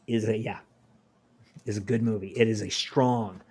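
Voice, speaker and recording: A man co-hosting a podcast, talking earnestly and at length, voice sinking quietly at the ends of thoughts. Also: on the low side, fairly even intonation, moderate pace, breathy edge. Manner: earnest, preachy, trails off quietly. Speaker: podcast co-host. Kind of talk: casual podcast discussion.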